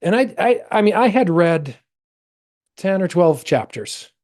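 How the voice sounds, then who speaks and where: Brief: middle-aged American man, podcast guest, expressive storyteller who jumps into quoted voices. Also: a little slow. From United States. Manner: animated, acts out quoted voices with big pitch jumps. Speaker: actor. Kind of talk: personal storytelling in a podcast interview.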